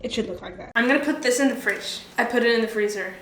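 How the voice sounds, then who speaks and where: Girl baking n rambling, jokey, kinda high voice, noisy roomy kitchen. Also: fast, fairly bright tone. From Sweden. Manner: rambling, playful and self-mocking. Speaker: home baking vlogger. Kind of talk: casual chat while cooking. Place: home kitchen. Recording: roomy kitchen with background noise.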